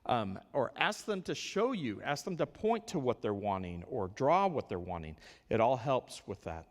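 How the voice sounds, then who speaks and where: A man's voice: medium pitch, big pitch swings, moderate pace. Earnest male trainer in a reverberant hall. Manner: earnest, repeats words while thinking. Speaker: special needs ministry trainer. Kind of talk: volunteer training talk. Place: church.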